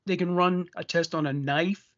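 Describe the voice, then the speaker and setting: A man's voice: sits high, fairly even intonation, moderate pace, a bit bright. A man co-hosting a true crime podcast, chatting loosely with many restarts. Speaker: podcast co-host. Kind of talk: casual true crime chat. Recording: dull lo-fi sound.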